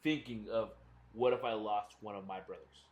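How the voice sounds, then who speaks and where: A man co-hosting a casual podcast, talking earnestly and growing quiet on serious points. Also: fairly low pitch, steady tone, moderate pace, reverberant. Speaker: podcast co-host. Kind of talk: casual chat.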